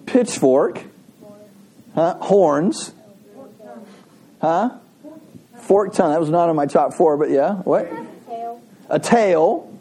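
A man's voice: a little high, expressive, takes it slowly, pauses often, dark tone. A man preaching a sermon, telling a folksy joke and asking the congregation questions. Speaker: pastor.

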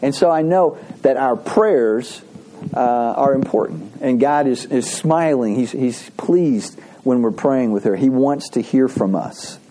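A pastor giving a conversational sermon, telling folksy stories with frequent restarts and asides. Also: male voice, mid-range voice, animated, a little slow, dark tone. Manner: folksy storytelling with laughs and restarts.

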